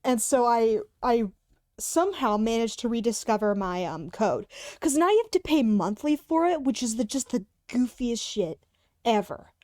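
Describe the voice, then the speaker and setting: A woman's voice: fairly high pitch, expressive, normal speed, a little mellow, no room sound, clean studio sound. A woman streamer rambling casually and giggling while showing off sound effects and voice changer settings. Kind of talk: casual livestream chat. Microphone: headphones beneath a hat.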